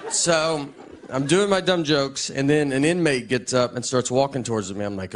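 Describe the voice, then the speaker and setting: A man with a Southern US accent telling stand-up stories in a dry, deadpan way. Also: medium pitch, moderate pace, crowd noise. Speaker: stand-up comedian. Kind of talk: stand-up set and talk show chat.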